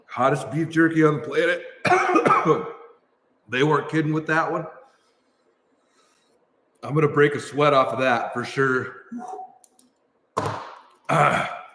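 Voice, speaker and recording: A man's voice: fairly high pitch, fairly even intonation, a little slow, pauses often, fairly bright tone. Midwestern male streamer, easygoing chat, recorded in a roomy echoing shop. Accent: Midwestern American. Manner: coughing and sighing from spicy food, thanking viewers. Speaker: livestream host. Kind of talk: casual livestream chat. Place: large new shop building. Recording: echoey reverberant shop room.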